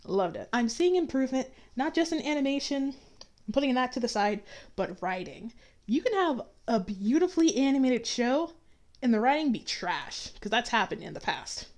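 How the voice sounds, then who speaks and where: A woman talks through her thoughts in a relaxed, chatty review. Her opinions are blunt, and she drops dry sarcastic asides. Her voice sits a little on the high side. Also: moderate pace. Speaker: YouTube reviewer. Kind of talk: casual review commentary.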